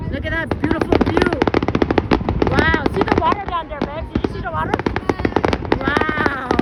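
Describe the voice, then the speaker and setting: A woman vlogging live at an outdoor fireworks show, exclaiming and whooping and calling out to her husband while she films on her phone. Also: very high voice. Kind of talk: excited live vlog chatter. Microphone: handheld phone camera. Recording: phone audio with loud fireworks behind. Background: fireworks bangs and crowd noise.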